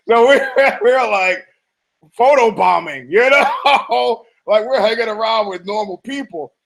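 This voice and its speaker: A man's voice: extremely high pitch, slow, vocal fry, fairly bright tone, low-quality recording. A man from Detroit hosting a podcast, riffing in a rambling, profane way with laughing asides and frequent restarts. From Detroit, United States. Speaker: podcast host. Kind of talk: rambling casual commentary.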